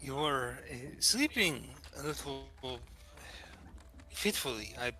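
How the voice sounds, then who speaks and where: A man playing in a tabletop game, speaking softly and hesitantly. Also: medium pitch, very animated, slow, a crowd in the background. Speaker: player. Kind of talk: casual tabletop play.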